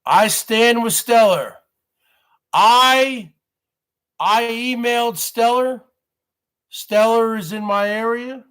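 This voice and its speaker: Male livestream host, high voice, slow delivery, repetitive rhetorical questions. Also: fairly bright tone, smooth. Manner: addresses audience as folks. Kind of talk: rambling live-stream monologue.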